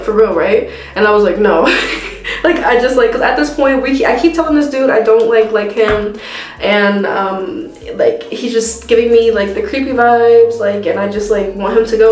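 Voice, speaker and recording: A young woman vlogger casually telling a story while doing her hair, slangy and animated, acting out what people said. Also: medium pitch. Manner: slangy, animated retelling with quoted dialogue and laughs. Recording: echoey room.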